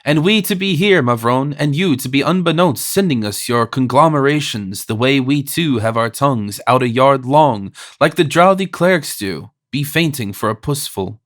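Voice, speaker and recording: A man's voice: medium pitch, expressive, moderate pace, no echo, clean studio sound, lightly acted. A man voicing a boisterous, mocking young man with a theatrical, jesting manner, read from a classic audiobook. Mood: querulous mock brogue.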